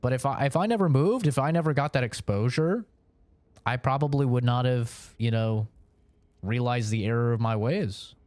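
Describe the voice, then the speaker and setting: A man's voice: medium pitch, normal speed, darkish tone, no room sound. Rambling, profane young man streamer. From Oregon, US. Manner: rambling, profane, laughs between points. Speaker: streamer talking to chat. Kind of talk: casual chat.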